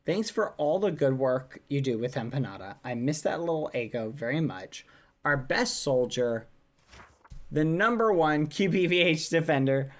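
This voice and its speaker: Female streamer, affectionate, unhurried delivery. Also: rumbling low. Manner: soft, affectionate, laughs often. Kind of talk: reading fan messages aloud on a livestream.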